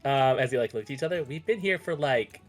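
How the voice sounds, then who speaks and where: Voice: medium pitch, lively intonation, fast, soft background music, natural voice. A game master voicing a chatty married woman on a couples' getaway, rambling and full of fillers like "you know". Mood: bubbly, rambling. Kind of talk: tabletop role-play character voice.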